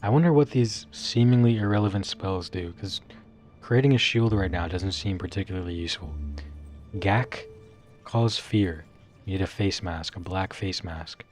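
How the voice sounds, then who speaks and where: A man's voice: low-pitched, normal speed, a little mellow, faint music behind. A man streaming a choose-your-own-adventure game, reading choices aloud and reacting with wry, crude remarks. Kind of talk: casual live-stream commentary.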